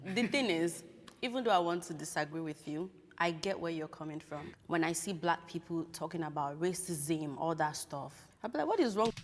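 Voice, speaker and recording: A woman from Africa with an African accent, talking earnestly and in measured terms in a podcast-style conversation. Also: sits low, big-room sound, a little hiss or hum. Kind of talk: reflective conversation.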